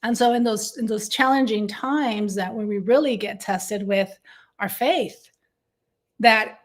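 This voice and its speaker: Earnest, high-voiced woman giving testimony. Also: unhurried. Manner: earnest and heartfelt, with frequent restarts. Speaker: guest, business consultant and co-host. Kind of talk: faith-based conversation, personal testimony.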